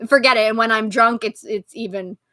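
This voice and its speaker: A woman hosting a casual live-stream chat, talking loudly and laughing often. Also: a little high, dry recording. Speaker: podcast host.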